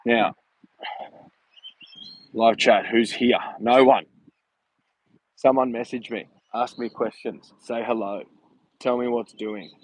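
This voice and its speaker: A man's voice: medium pitch, steady tone, slow pace, long pauses, dry recording, low-quality recording. A man talking casually in a rambling, chatty way while walking outdoors during a livestream vlog, filmed on a handheld phone. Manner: chatty, rambling, laughs while telling stories. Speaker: vlogger.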